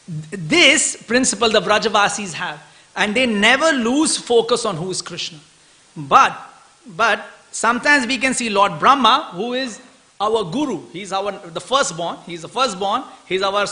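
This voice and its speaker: A man giving an animated scripture class at a temple, often chuckling and asking his listeners "right?". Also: high-pitched.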